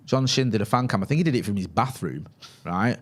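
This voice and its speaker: A man's voice: on the low side, animated, fast. A man in early adulthood co-hosting a casual live fan chat. He tells stories and keeps tagging his lines with "right?". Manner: chatty storyteller, tags lines with "right?". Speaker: co-host of a fan channel.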